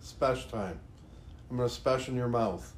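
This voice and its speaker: A man hosting a casual reaction chat, speaking slowly with a laid-back, teasing ease. The recording sounds roomy, with a faint noise underneath. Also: medium pitch. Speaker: podcast host.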